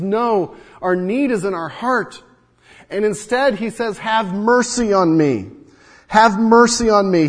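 A man with a fairly high voice preaches an earnest sermon. His loudness swells and drops, and he acts out the lines he quotes. The sound rings with a long reverb, as in a big hall. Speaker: pastor.

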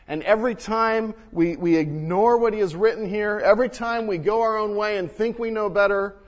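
A man preaching a sermon and reading scripture, swinging between loud emphasis and hushed quiet, recorded in a church sanctuary. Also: sits high. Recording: long reverb of a large hall.

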